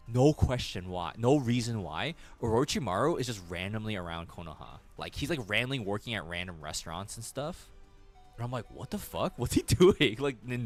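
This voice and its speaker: Laid-back lower-voiced man streamer, rambling. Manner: rambling, laughs often, swears freely. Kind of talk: casual livestream chat.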